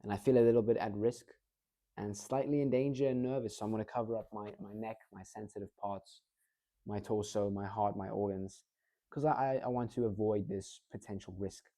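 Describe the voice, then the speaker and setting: Male speaking coach, very dark and mellow tone, lively casual delivery with frequent check-ins. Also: fairly low pitch, brisk. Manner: energetic, demonstrative, checks in with the listener often. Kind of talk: casual instructional talk.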